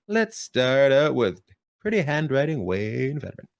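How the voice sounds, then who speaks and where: A man's voice: mid-range voice, unhurried, gravelly, no echo. A man hosting a casual comedy chat over a video call, joking and teasing his guests. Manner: jokey, teasing, animated. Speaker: host.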